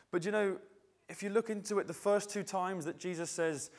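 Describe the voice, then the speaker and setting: A man's voice: sits high, fast. A male preacher giving a conversational, reflective sermon, often restarting his phrases.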